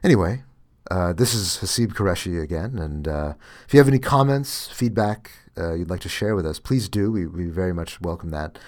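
A man's voice: low-pitched, expressive, a little fast, darkish tone. A man hosting a podcast, reading a debugging story aloud and then musing with fillers and restarts. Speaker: podcast host.

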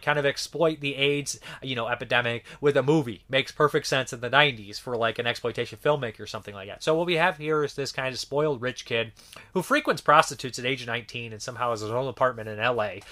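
Man, 30s, movie reviewer, casual rambling monologue, profane, lots of fillers, bright forceful tone. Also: mid-range voice, fairly quick.

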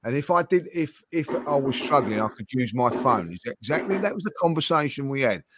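A football podcast co-host with a medium-pitched voice talks a little fast over background noise. In casual chat he tells stories in an animated way, with lots of stammering restarts.

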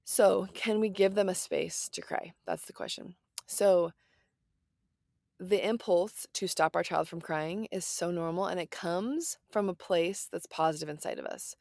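Casting: low-pitched woman in her thirties, gravelly fry, earnest reassuring parenting talk, dry close sound. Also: unhurried, a little mellow, dry recording. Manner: earnest, reassuring, lots of "like" and "right?". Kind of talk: casual parenting advice talk.

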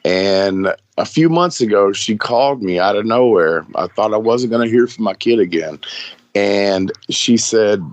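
Middle-aged man, podcast host, low voice, dry close sound, earnest and emphatic. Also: lively intonation, unhurried, dry recording, dull audio. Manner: earnest, emphatic, repeats himself. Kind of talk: casual podcast chat.

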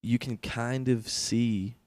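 A man co-hosting a casual podcast, musing out loud and swearing between halting phrases. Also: dry recording. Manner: rambling, swearing, lively pitch. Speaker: podcast co-host.

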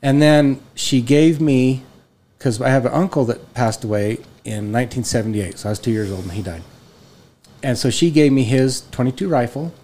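A man's voice: mid-range voice, normal speed. Rambling man telling stories on a podcast. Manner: rambling, animated, many restarts. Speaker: podcast host. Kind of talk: casual storytelling chat.

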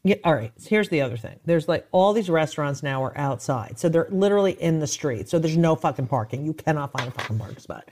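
A woman comedian in casual chat, ranting with heavy swearing and animated outbursts. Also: sits low, fast, hardly any pauses, a little hiss or hum.

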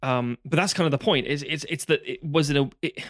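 Man, rapid speech, rambling podcast chat, dry sound. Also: on the high side, a bit bright, no echo. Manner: rambling, restarts a lot, swears casually. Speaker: podcast co-host. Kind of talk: casual film discussion.

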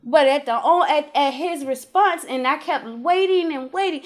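A woman casually telling her faith testimony in an interview, animated and emphatic, acting out conversations in colloquial speech. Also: high-pitched, moderate pace. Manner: animated storyteller who acts out dialogue with God and her kids; colloquial, emphatic, rising to exclamations.

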